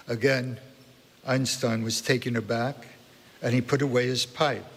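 An older man, a professor, telling a story in a slow, deliberate way. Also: mid-range voice, steady tone, fairly bright tone, slightly rough. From New York, USA. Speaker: guest, professor. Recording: long hall reverb.

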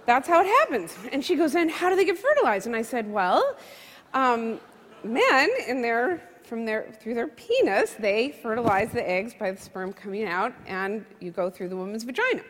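A woman's voice: a little high, moderate pace. A middle-aged woman telling a stand-up comedy story before a live audience, acting out a child's questions. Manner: animated, acts out her daughter's questions. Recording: live hall with crowd noise.

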